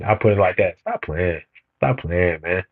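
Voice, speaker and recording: A man's voice: sits low, moderate pace, no echo, phone-quality sound. A man on a livestream, talking to his chat in a blunt, profane, heated rant that keeps building in emphasis. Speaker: streamer reading comments.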